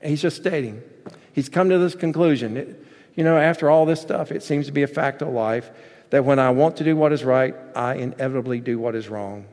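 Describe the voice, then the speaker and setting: A man preaching a sermon in an earnest, measured manner. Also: mid-range voice, a little mellow. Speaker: pastor. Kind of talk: sermon with storybook reading. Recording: long hall reverb.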